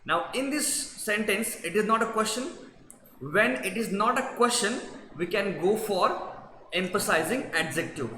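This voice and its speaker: A man takes a class through grammar revision. His voice is bright and sharp-edged, and he goes over each point patiently, checking in with the class as he goes. The recording sits in a roomy space with a faint hiss underneath. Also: high-pitched. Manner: patient, repetitive explaining with check-ins to the class. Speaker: teacher. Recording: echoey room with long reverb and faint noise.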